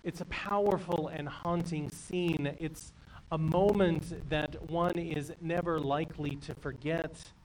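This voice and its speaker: A man's voice: a little high, steady tone, slow, recorded from a distance, a little hiss or hum, rough recording. A man preaching a sermon, telling a story in an earnest way before turning to the gospel reading. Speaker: pastor.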